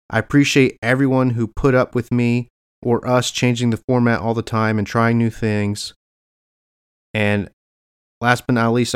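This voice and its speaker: A man's voice: medium pitch, smooth, no echo, clean studio sound. A young adult man hosting a podcast, earnestly reading farewell thank-yous from notes with small slips. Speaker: podcast host.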